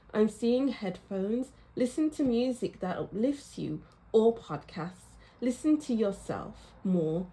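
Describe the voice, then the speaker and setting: A woman's voice: medium pitch, dark tone, slightly rough. Encouraging woman reading tarot. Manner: encouraging, repeats affirmations, thinks aloud. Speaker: tarot reader. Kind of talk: casual tarot reading to camera.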